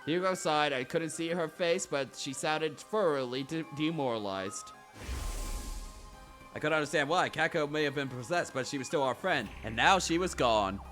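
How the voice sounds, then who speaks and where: A man streaming a visual novel, reading the protagonist's lines and narration aloud in an animated way. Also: on the high side, moderate pace, soft background music. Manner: animated, self-mocking, swears freely.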